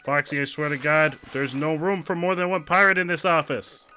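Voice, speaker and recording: A loud, swaggering pirate, put on by a man who growls "arr" and bellows his boasts. The voice is bright and forceful, with faint music playing behind it during livestream gameplay banter. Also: a little high, moderate pace, pitched above the performer's own voice.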